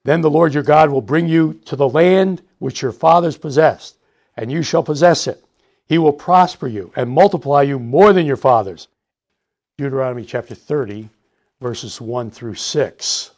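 A man's voice: mid-range voice, normal speed, a little mellow. A man teaching doctrine and reading scripture aloud with rising emphasis. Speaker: Bible teacher.

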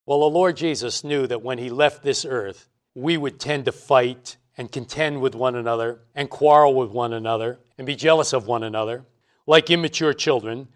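A man's voice: mid-range voice, moderate pace. A man preaching an expository Bible sermon, stressing and repeating his key points. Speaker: pastor.

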